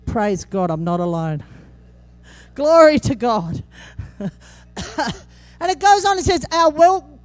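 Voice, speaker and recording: A woman preaching a sermon, animated and humorous, acting out scripture quotes with sudden jumps in voice. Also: fairly high pitch, slow, long pauses.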